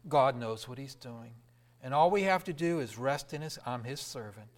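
Impassioned preacher man, loud then whispering. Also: medium pitch, animated, normal speed. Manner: dramatic swings from loud to hushed whispers. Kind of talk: sermon.

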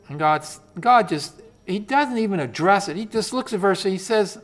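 Animated male preacher, high lively voice. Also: moderate pace, few pauses. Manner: animated storytelling, swinging from loud to soft. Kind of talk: sermon.

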